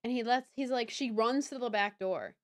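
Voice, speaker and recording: A young woman chatting casually on a live stream, bubbly and swinging between quiet mumbling and squealed greetings. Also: on the high side, normal speed. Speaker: livestreamer.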